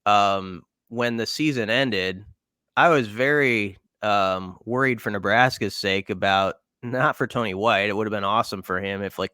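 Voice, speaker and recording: A man co-hosting a casual sports podcast, weighing things out loud and stopping to restart his thoughts. His voice sits low and comes across smooth and resonant, with a dry, close sound and no room around it. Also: no room sound. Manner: thinking aloud, many fillers and restarts. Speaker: podcast co-host.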